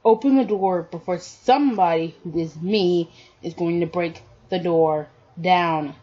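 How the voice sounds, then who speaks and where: A woman plays a boastful, hot-tempered young male hero student. He speaks bluntly and drags out his words at a slow pace. The recording has a dull, lo-fi sound. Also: lowish voice, warm tone. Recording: dull lo-fi audio.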